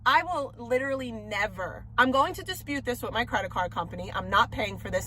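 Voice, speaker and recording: A woman's voice: fairly high pitch, expressive, fairly quick, few pauses, sharp tone, faint music behind. A woman livestreaming, venting in exasperated, profane bursts while arguing on a phone call. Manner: exasperated, profane, repeats herself.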